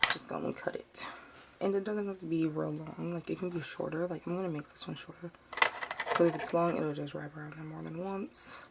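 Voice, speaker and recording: A woman's voice: on the low side, vocal fry, noisy background. Chatty young woman with a Baltimore accent. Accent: Baltimore, with a Southern drawl. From United States. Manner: chatty, easily sidetracked, uses "y'all". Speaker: DIY vlogger. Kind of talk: casual craft tutorial. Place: home.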